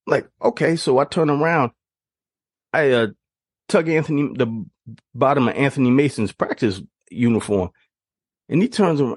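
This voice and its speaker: A man hosting a podcast, telling childhood stories in an animated, casual way with frequent laughter. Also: mid-range voice, moderate pace, husky, dry recording, clean studio sound. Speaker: podcast host. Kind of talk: casual storytelling.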